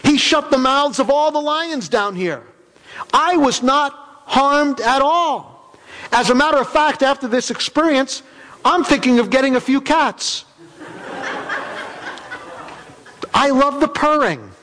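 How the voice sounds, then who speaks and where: Man doing a cheerful, high Daniel. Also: unhurried, a bit bright. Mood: playful. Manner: playful, upbeat. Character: Daniel, cheerful young man joking from the lions' pit. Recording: reverberant hall.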